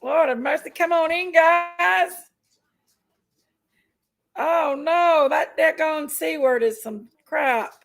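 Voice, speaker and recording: A woman chats loosely on her livestream, welcoming viewers by name in a folksy way. Her voice sits high and carries a gravelly edge. She sounds a little under the weather from a sick stomach. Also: slow, pauses often, low-quality recording. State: unwell with an upset stomach. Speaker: livestream host. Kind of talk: casual livestream chat greeting viewers.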